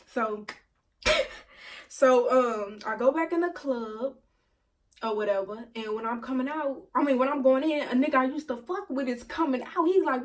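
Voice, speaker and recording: A young woman telling a storytime vlog to her viewers, animated and profane, laughing often. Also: a little high, fairly quick, recorded from a distance. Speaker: vlogger.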